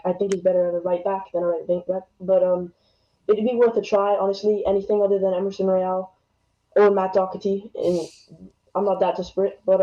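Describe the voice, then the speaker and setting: A man's voice: high-pitched, warm tone. A fourteen-year-old American boy calling in with a slight English twang, earnest and hedging with ums. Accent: American with some English twang. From United States. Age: teens. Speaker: caller. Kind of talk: football opinion call-in. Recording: dull lo-fi call audio.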